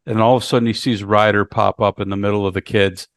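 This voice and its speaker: This is a casual movie-review chat in which a male podcast co-host recaps a horror film, stumbling and repeating words along the way. His pitch is fairly low and his tone level, captured in a dry, clean studio recording.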